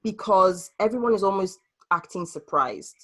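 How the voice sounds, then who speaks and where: A woman hosting a group discussion on a video call, talking earnestly and reflectively, sometimes pausing to find her words. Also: medium pitch, animated. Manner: earnest and reflective, hesitant with restarts. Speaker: host leading a group discussion.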